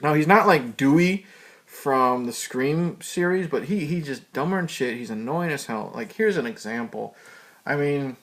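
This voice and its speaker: A man's voice: mid-range voice, animated, normal speed, a bit bright. Male reviewer, casual and profane, loose rambling delivery with fillers. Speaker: movie reviewer. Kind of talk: casual spoken movie review.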